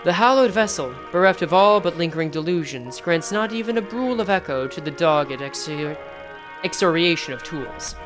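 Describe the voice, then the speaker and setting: A woman's voice: on the low side, animated, normal speed, over music, lightly acted. A woman voicing a theatrical, aloof male swordsman who speaks in archaic, flowery phrases.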